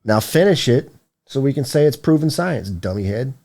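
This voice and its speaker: Young man, loose co-host, swears freely, pitch swings widely while he rants. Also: moderate pace. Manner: profane, ranting, animated. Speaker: podcast co-host. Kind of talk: casual stoner chat.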